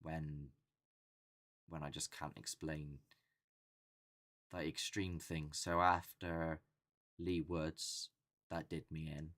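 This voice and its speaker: A young man with a slightly bright bass voice hosts a casual live chat for a paranormal channel. He speaks slowly and flatly, leaving long pauses, and rambles along in a chatty way, often acting out what people say.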